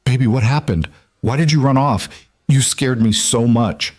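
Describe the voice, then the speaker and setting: A man's voice: mid-range voice, moderate pace, a little mellow, no echo, clean studio sound, pitched above the performer's own voice, natural voice. A man voicing a frightened, tender young single father in a storybook, talking tight and urgent. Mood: anguished.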